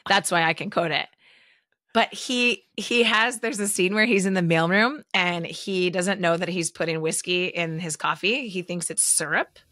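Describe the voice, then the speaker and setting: Podcast co-host, woman in her thirties with a bright, energetic tone, dry close-miked sound, chatty and animated. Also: fairly low pitch, normal speed, no echo. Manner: animated, quotes movie lines with laughs. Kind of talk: casual chat.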